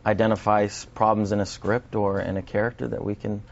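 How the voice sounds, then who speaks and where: A man's voice: lowish voice, flat delivery, a little fast, vocal fry, highs cut off. A man appearing as an actor guest on a TV interview, answering thoughtfully and often repeating words as he starts a sentence. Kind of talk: broadcast interview.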